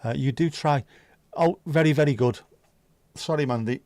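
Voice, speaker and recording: A man's voice: on the high side, moderate pace, a little mellow, no room sound. A man hosting a livestream, chatting casually with viewers and teasing them. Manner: joking, teasing, chatty banter. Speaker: livestream host.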